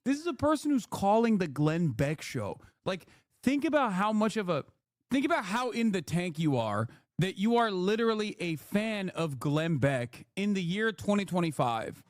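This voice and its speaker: A man streaming as he reacts to clips, talking casually in an animated, mocking way with a lot of profanity. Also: sits high, dry recording, studio quality.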